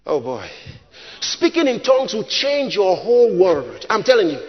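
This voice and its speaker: High-voiced, emphatic preacher man in a reverberant hall. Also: wildly swooping pitch, normal speed, muffled recording. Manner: emphatic, dramatic preaching with shouted peaks and repeated lines. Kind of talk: sermon.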